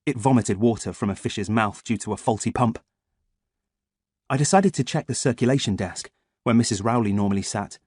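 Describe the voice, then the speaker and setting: A man reading an audiobook as first-person scripted narration, in a lively, expressive way. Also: on the low side, fairly quick, breathy edge, no echo, studio quality.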